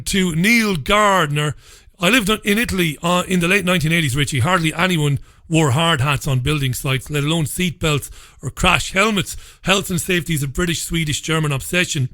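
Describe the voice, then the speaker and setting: A man's voice: fairly high pitch, bright, forceful tone. A man hosting his own radio show, talking in an irreverent, rambling, jokey way. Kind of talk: casual monologue.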